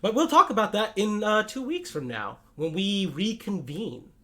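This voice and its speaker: A man narrating as game master of a tabletop game, lively and animated. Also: moderate pace. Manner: lively, animated narration with booming quoted lines.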